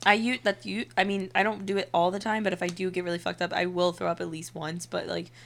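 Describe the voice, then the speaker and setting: A young woman in her twenties hosting a podcast, telling stories in casual, animated chat, full of swearing and "like". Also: on the low side, quick pace, gravelly. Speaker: podcast host.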